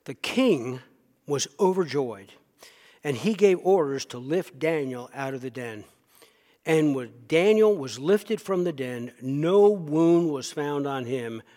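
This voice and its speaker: A man's voice: a little high, expressive, takes it slowly, warm tone, long reverb tail. A man preaching a sermon, retelling a scripture story with emphatic asides to his listeners. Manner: emphatic storytelling, talks directly to the congregation.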